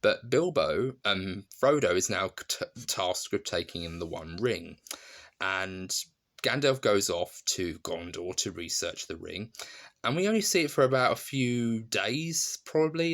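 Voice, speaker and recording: A man's voice: low voice, animated, a little slow, a bit bright. A man giving a casual, rambling spoken film review, full of restarts and fillers, fond and enthusiastic about the film. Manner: rambling, many restarts and "you know" fillers.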